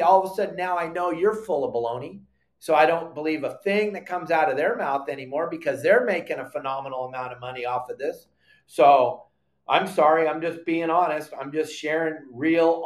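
An older man talks through his live fishing show with heated emphasis, leaning on repeated words. His voice sits a little high. The room rings with echo. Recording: echoey room.

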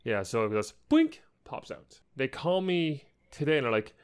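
A man's voice: fairly high pitch, huge pitch swings, moderate pace, few pauses. A young man co-hosting a podcast, telling an exasperated ranting story in casual chat. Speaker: podcast co-host.

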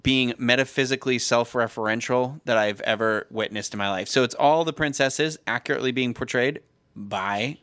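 A man co-hosting a podcast in casual chat, excitable and acting out quotes in high voices. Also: moderate pace, no room sound, studio quality. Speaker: podcast co-host.

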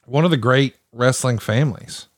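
A man's voice: mid-range voice, normal speed, no echo, studio quality. A man hosting a casual chat, telling listeners old stories with enthusiasm. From American South. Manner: informative, storytelling, enthusiastic. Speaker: podcast host.

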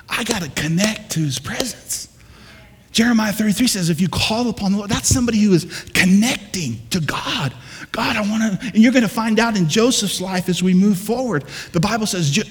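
A male pastor delivering an energetic sermon with touches of humor, building up to fired-up exclamations. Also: high voice, husky. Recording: long reverb of a large hall.

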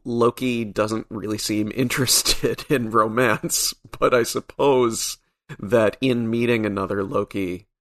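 A man's voice: on the low side, vocal fry, fairly bright tone. A man, a comic book writer, talking in a casual podcast conversation, thoughtful and wry, with frequent restarts.

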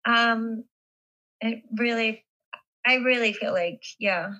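A woman being interviewed, telling a personal story in a halting way with many fillers and restarts. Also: on the high side, bright, forceful tone, muffled recording. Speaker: interview guest. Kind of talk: casual interview chat.

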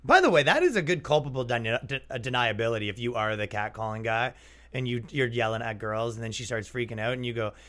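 A man's voice: mid-range voice, fast talker, a bit bright. A young man hosting a comedy podcast, chatting loosely and jokingly, slipping into exaggerated mock voices. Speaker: podcast host. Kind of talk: casual comedic podcast riffing.

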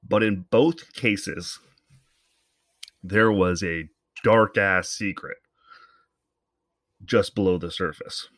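A man's voice: sits low, takes it slowly, pauses often, a bit bright, no room sound, clean studio sound. A man from Canada ranting to camera in a loose, profane, rambling way, thinking aloud as he talks. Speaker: commentator. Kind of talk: solo comedic rant to camera.

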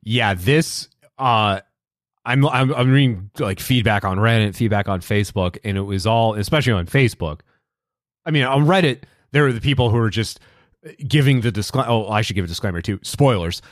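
A man co-hosting a podcast in casual chat, telling stories with lively acted-out quotes. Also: lowish voice, moderate pace, dry recording, studio quality. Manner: animated storyteller, acts out quotes loudly. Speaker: podcast co-host.

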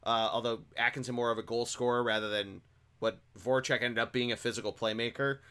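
Bright-voiced man hosting a sports podcast. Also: mid-range voice, fairly even intonation, fast, smooth. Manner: conversational, with fillers and self-corrections. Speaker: podcast host. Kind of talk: casual sports podcast talk.

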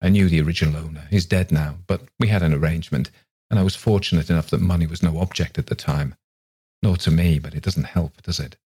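A man voicing a kindly older retired doctor in a ghost story, talking in a soft, consoling way. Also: extremely low pitch, fairly even intonation, fast talker, breathy edge.

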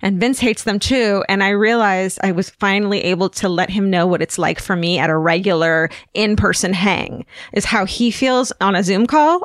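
A woman's voice: mid-range voice, no echo, studio quality. A woman co-hosting a podcast from home, chatting casually with wisecracks and plenty of swearing. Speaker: podcast co-host. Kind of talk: casual chat.

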